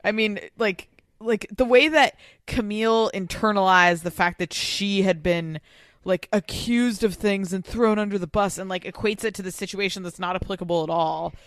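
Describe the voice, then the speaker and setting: A woman's voice: medium pitch, moderate pace, no echo, studio quality. A woman co-hosting a podcast who leads the topics in casual gossip chat, using many ums and likes. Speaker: podcast co-host.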